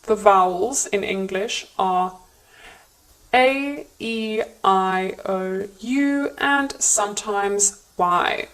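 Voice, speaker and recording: A woman narrating a scripted English pronunciation lesson in a clear, measured teaching manner. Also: medium pitch, a bit bright, low-quality recording.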